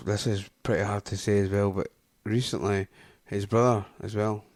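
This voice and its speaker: A man's voice: fairly low pitch, little pitch movement, moderate pace, no room sound, clean studio sound. A Scottish man co-hosting an afternoon radio show, chatting casually with teasing, jokey banter. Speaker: radio host.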